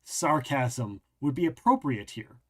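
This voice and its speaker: An earnest, courtly male aide, voiced by a man in a tabletop game, diplomatic with nobles and hopeless at sarcasm. He speaks politely, at a mid pitch, in a tone close to an everyday voice. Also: lively intonation, measured pace. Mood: courteous.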